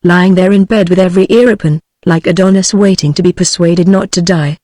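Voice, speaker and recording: A woman's voice: lowish voice, brisk, no room sound, clean studio sound. Synthetic British woman reading a novel. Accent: British English. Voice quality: even machine-read delivery that reads punctuation aloud. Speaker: audiobook narrator. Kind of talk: synthetic text-to-speech book reading.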